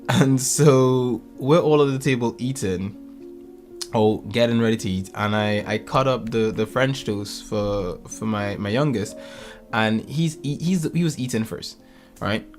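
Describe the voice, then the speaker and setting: A man in his thirties casually telling a lively story about his kids, acting out their lines and laughing often. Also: mid-range voice. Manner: animated, acts out family quotes, laughs often. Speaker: podcast co-host.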